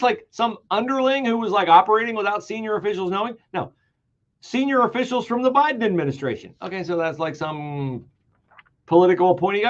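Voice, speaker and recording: A man's voice: high voice, sing-song, moderate pace, highs cut off. A man hosting a solo political commentary stream, emphatic and sarcastic, repeating key words for stress and dropping into mocking whispers. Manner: swings between loud outbursts and mocking whispers.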